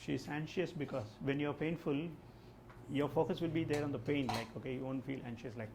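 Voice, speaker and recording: A man's mid-range, gravelly voice, with fairly even intonation and a slightly fast pace, leads a live English test lesson over background noise. As a language test trainer, he poses questions to the class and explains answers, often saying "like" and "okay."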